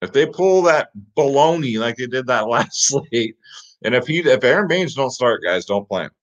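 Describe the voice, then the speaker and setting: With a medium-pitched voice, lively intonation and a moderate pace, this host gives an energetic, casual rundown of fantasy sports picks. "Guys" and "get him in there" come up again and again over slightly dull lo-fi sound.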